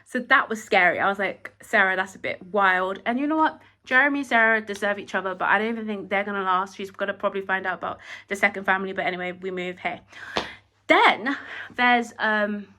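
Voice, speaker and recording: A woman giving a casual, animated opinion review of a reality show, acting out quotes from the cast and saying "like" often. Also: mid-range voice, fairly quick. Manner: animated, acts out quotes, frequent "like".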